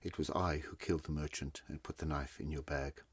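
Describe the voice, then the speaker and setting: A man's voice: a bass voice, steady tone, brisk, husky, no room sound. A man voicing a remorseful convict begging. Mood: pleading. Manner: pleading, broken.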